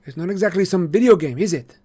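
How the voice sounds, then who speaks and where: A sarcastic, wary teenage boy, voiced by a man reading a novel aloud. He sounds well above the reader's own voice, with a sharp, needling and often bitter edge. He pushes his points hard. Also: sits high, lively intonation, fast, slightly rough, voice pushed up.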